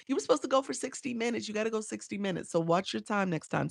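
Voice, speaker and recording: Woman, live stream coach, casual and repetitive, gravelly tone, dry phone sound. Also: medium pitch, lively intonation, fast, hardly any pauses, no room sound. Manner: chatty, repeats herself, answers viewers by name.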